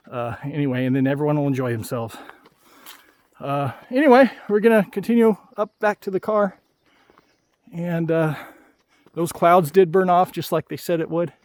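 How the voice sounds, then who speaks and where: Man, higher voice, outdoor hiking vlogger, casual advice and gripes. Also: normal speed, darkish tone, no room sound. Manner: chatty, ranting friendly advice. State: out of breath after a hike. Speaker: travel vlogger. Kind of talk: casual vlog talk while hiking.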